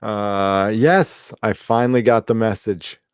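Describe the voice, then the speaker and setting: A man's voice: on the low side, steady tone, slow, smooth, dry recording, studio quality. A man hosting a live stream, reading viewer comments and rambling casually with lots of fillers, restarts and swearing. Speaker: host of a live chat show.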